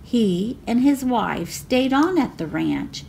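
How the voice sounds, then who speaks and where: A woman reading a picture book aloud as a library storyteller, slow and expressive. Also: fairly high pitch, vocal fry, slight background noise.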